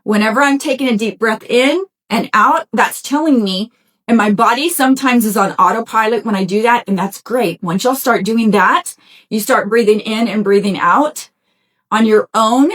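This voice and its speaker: Encouraging middle-aged woman, slightly high voice. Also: normal speed, a bit bright. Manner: encouraging and conversational, talks straight to listeners; folksy, with frequent "y'all" and "right?". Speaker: podcast host. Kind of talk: motivational self-help talk.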